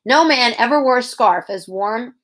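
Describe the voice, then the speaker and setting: A woman's voice: fairly high pitch, expressive, normal speed, fairly bright tone. Storybook role: kindly old Irishman with a thick Irish brogue, as a female narrator puts him on. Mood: fond.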